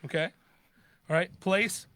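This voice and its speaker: A man's voice: high voice, a little slow, pushed and bright. A man co-hosting a casual podcast, calling for words in a fill-in game and cheering a guest on. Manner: upbeat, cheers others on. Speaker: podcast co-host. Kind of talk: casual chat, running a word game.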